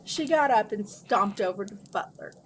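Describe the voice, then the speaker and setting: A woman's voice: mid-range voice, expressive, normal speed, a little hiss or hum, poor audio. A woman reading her own story aloud in a casual way, correcting herself and adding asides. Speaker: fanfiction reader.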